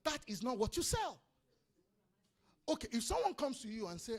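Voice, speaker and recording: A man with a Nigerian accent giving an energetic business seminar talk, calling out to the audience and repeating his points. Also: extremely high pitch, normal speed, pauses often. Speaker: business speaker. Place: conference hall before an audience.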